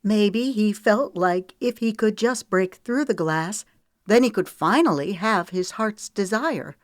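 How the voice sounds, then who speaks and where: A woman's voice: mid-range voice, lively intonation, normal speed, no room sound, studio quality, voice pushed up, natural voice. A woman narrator voicing a tearful, defiant young woman in an audiobook, with a pleading, emotional delivery. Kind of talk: audiobook character voice.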